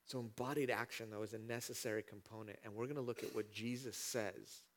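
A man preaching a sermon as pastor, animated and building to emphatic peaks, dramatizing scripture with voiced asides. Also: fairly low pitch, brisk.

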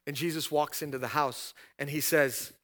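A male pastor preaching a sermon, retelling scripture scenes and building to loud, emphatic repeated questions. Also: fairly high pitch, fairly even intonation, normal speed.

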